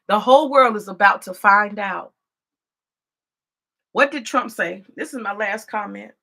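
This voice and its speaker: A woman's voice: medium pitch, a little slow, vocal fry, bright, forceful tone. A woman from the United States giving profane, confrontational vlog commentary in a preachy manner.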